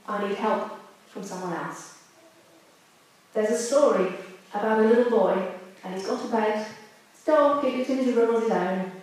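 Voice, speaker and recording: A woman's voice: medium pitch, a little mellow. A woman preaching a sermon in a candid, conversational way. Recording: echoey room, distant mic.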